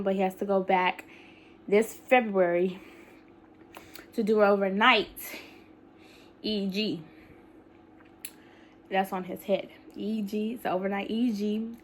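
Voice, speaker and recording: A woman's voice: mid-range voice, darkish tone, slight background noise. Breathless young woman vlogging. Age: young adult. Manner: rambling, many fillers, colloquial speech. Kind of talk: casual talk to camera.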